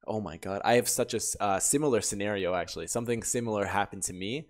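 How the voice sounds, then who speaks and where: Man reading stories with lively reactions. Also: fairly low pitch, brisk, hardly any pauses. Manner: animated, laughing reactions between readings. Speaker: YouTuber reading Reddit stories. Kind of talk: reading stories aloud with commentary.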